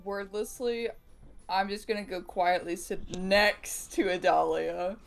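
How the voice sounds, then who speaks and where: A woman's voice: medium pitch, fairly even intonation, takes it slowly, gravelly. A woman playing in a tabletop game, chatting in a blunt, playful way. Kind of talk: casual chat.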